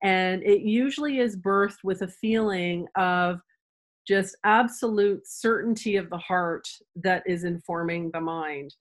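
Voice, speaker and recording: Woman chiropractor guest, middle-pitched, thoughtful and searching as she talks. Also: fairly even intonation, measured pace. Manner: thoughtful, searching for words with restarts. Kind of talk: conversational interview answers.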